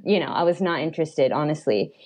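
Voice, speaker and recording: A young adult woman telling a personal story as a podcast guest, animated and chatty, with lots of fillers and little laughs. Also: sits low, a little fast. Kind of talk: storytelling in a casual chat.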